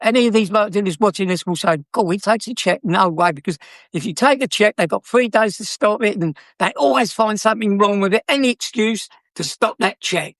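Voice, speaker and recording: A man's voice: sits high, fairly quick, fairly bright tone, no echo, clean studio sound. An older man with a South London accent, a former car dealer telling stories in a chatty, cheeky way with frequent laughs. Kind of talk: anecdotal storytelling.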